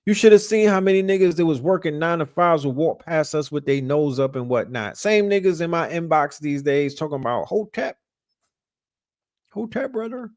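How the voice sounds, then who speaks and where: Brooklyn host, New York accent, raised pitch, dry close sound; swears freely and stumbles through restarts while telling stories. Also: male voice, a little fast, few pauses, no echo. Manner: profane, animated, repeats and restarts words. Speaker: podcast host. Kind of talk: casual storytelling.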